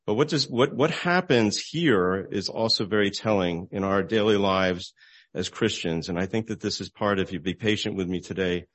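Low-voiced man preaching conversationally. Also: moderate pace. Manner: conversational, retells stories with voiced dialogue. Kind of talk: informal sermon.

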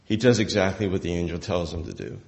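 A man preaching a sermon as a pastor, telling the story in an animated way and often breaking into laughter. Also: low voice, quick pace, gravelly. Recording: long hall reverb.

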